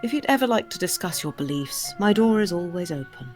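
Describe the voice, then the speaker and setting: A streamer voicing a nervous, soft-spoken pastor in a visual novel, read out gently. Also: medium pitch, expressive, brisk, faint music behind, close to an everyday voice. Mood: gentle.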